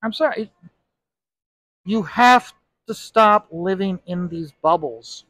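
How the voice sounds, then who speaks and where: A man talks in a loose, ranting monologue and keeps coming back to "okay?" to drive his points home. His voice sits fairly high for a man. The sound is dry, with little room around it. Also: slow, pushed and bright, no room sound. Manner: ranting, emphatic, repeats "okay?". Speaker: comic book inker and video host. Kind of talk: casual monologue vlog. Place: bar.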